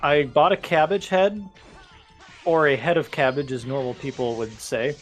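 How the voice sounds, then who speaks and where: A man with a voice on the high side co-hosts a gaming video, speaking at normal speed with faint music behind him. He chats drily and explains things at length.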